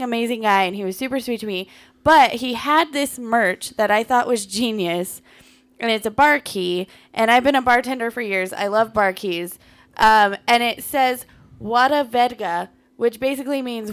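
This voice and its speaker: A woman comedian co-hosting a podcast, telling a story in casual chat, animated, blunt and profane. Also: on the high side, normal speed.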